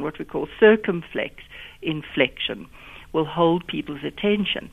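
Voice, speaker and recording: A woman's voice: lowish voice, animated, measured pace, creaky. A woman with a South African accent, a communication skills guest, explaining voice exercises in an instructive way over the phone. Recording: narrow telephone line.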